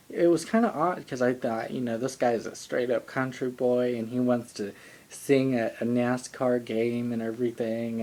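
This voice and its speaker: A man's voice: medium pitch, mellow. A young man casually recapping a TV show into a handheld camera, rambling with many ums and likes. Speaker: vlogger recapping a TV singing show. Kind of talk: casual talking-head recap. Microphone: handheld camera, shaky.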